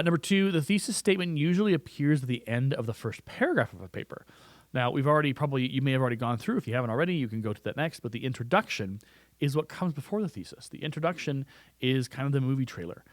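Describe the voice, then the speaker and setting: Man, writing teacher, quick talker, dry close sound, conversational with restarts. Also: mid-range voice, expressive, no echo. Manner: conversational, repeats words and restarts. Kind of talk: recorded classroom lesson. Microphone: close studio mic.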